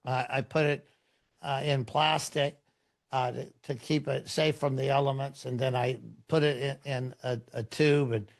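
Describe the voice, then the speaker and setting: A pastor speaking as a podcast guest, unhurried and conversational as he tells a story. His voice sits at an ordinary middle pitch for a man, neither deep nor high. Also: flat delivery.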